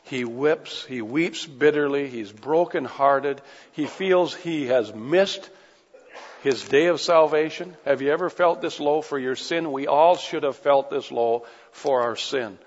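A man preaching an earnest sermon, moving between quiet reflection and pressing intensity. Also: mid-range voice. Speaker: pastor. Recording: dull audio with long hall reverb.

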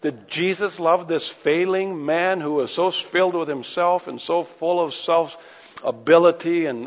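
A man's voice: a little high, measured pace. A man preaching a sermon, reading scripture aloud and breaking off into casual conversational asides. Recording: dull lo-fi recording with long hall reverb.

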